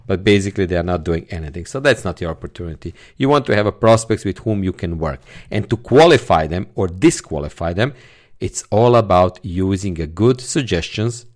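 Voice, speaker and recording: A man's voice: sits low, animated, brisk, darkish tone. A man hosting a solo podcast, teaching sales techniques and stressing key words in his examples. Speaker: podcast host, sales trainer.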